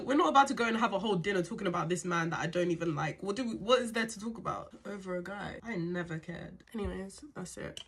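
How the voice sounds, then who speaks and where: A young woman in her twenties recounts a night out in a loose, chatty storytime voice. She talks fast, throwing in asides to her viewers, and her voice has a slightly husky edge. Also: mid-range voice, fairly bright tone. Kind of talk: casual storytime.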